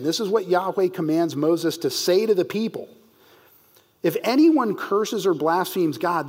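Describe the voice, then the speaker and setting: A man teaching verse by verse through a Bible passage, reading scripture slowly and stressing key words for emphasis. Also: sits high, darkish tone.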